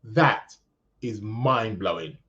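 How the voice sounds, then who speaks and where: A man's voice: on the low side, slow, sharp tone. A man from England with a British accent, hosting a podcast in a casual, rambling live chat full of restarts. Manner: rambling, many restarts, chatty. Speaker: podcast host. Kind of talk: casual live-stream chat reading comments. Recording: dull lo-fi sound.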